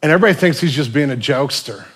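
Husky preacher guy, storytelling sermon, loud then hushed. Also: a little high, expressive, rapid-fire. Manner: storytelling, swings from loud to near whisper. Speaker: pastor.

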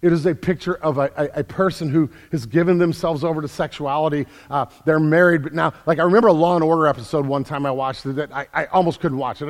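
A man delivers a sermon, moving between low confiding stretches and loud, emphatic preaching. His voice sits a little high for a man. A long reverb trails each phrase, as in a large church hall. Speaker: pastor.

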